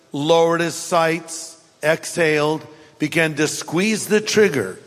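A man's voice: high-pitched, fairly bright tone. A man preaching a sermon, telling stories in an emphatic, punchy way. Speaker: pastor. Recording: long hall reverb, faint music.

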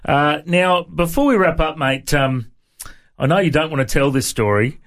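A man's voice: on the high side, moderate pace, a bit bright. A male radio host interviewing a guest in a friendly, teasing way.

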